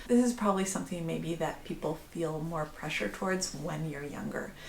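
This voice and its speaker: A woman's voice: lowish voice, creaky, roomy sound, slight background noise. A middle-aged woman talking candidly in a personal vlog, rambling a little, restarting phrases and laughing often. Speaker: vlogger.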